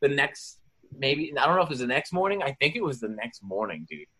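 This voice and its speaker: A man with a bright, forceful voice, chatting casually and telling stories with lots of swearing. He talks in an animated, loose way, like he's among friends. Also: medium pitch, brisk, slightly rough. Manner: profane, animated storyteller. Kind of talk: casual chat.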